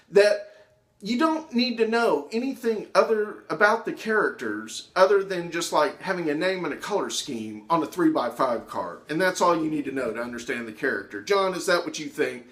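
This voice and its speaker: A man's voice: lowish voice, expressive, slow pace, a bit bright. A man voicing an older male Texan drama professor with a laconic, mean drawl that flares into scolding. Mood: furious, scolding. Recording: echoey room.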